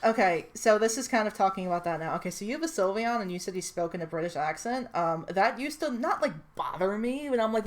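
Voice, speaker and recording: A woman's voice: medium pitch, expressive, a little fast, few pauses. A woman in casual chat, presenting a character she made. She rambles, swears freely and laughs often. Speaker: character creator presenting her character.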